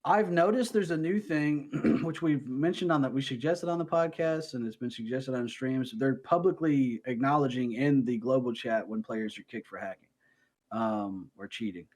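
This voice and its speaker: A man in a relaxed gaming podcast chat, his voice sitting at an ordinary middle pitch. He rambles loosely and throws in jokes and asides as he talks into a home microphone. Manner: joking, rambling, quick asides. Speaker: podcast co-host. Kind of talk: casual chat.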